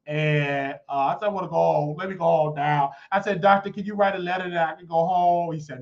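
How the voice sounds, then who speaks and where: A man hosting his own show, telling a long personal story in an animated way and acting out the voices of the people in it. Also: a little fast, hardly any pauses. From Chicago. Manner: animated, acts out quoted voices with big pitch jumps. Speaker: show host. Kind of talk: storytelling monologue. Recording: dull lo-fi audio.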